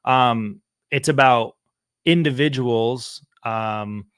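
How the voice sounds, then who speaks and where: A man's voice: mid-range voice, slow, a bit bright, smooth, no echo, clean studio sound. A young man hosting a podcast, rambling in casual interview talk with many fillers. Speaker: podcast host.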